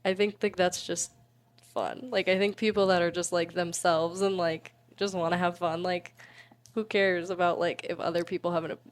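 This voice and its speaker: A young woman in her twenties chats casually as an interview guest. She is bubbly and giggly and fills her talk with "like." Her voice sits a little low for a woman. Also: little pitch movement, moderate pace. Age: 20s.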